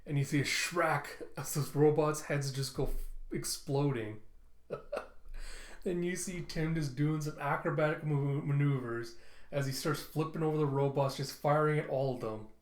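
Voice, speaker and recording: A man's voice: on the high side, fairly even intonation, a little slow. A man casually reading through a comic, narrating panel by panel and making sound effects. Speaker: comic reviewer. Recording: roomy echo.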